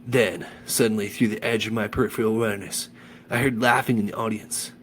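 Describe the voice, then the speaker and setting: A man reading a children's novel aloud with animated enthusiasm, then chatting about the chapter. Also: lowish voice, quick pace, a little hiss or hum. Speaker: audiobook reader.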